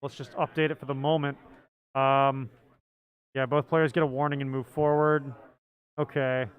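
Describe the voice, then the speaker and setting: A man's voice: mid-range voice, flat delivery, normal speed, clear, resonant tone, narrow, tinny audio. A man casting a card game tournament live, chatty and often laughing. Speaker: tournament commentator.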